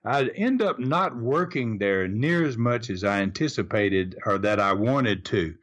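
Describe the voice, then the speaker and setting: A man's voice: on the low side, animated, measured pace. An older man with a Southern US accent, reminiscing in a casual interview as a retired wrestler, telling stories in a rambling way with frequent restarts. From Southern United States. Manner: rambling storyteller with repeated restarts.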